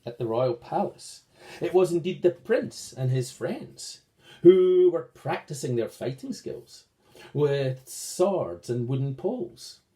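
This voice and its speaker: A man narrating a picture story for children, reading aloud slowly and expressively as the show's host. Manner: slow, expressive read-aloud with sweeping pitch.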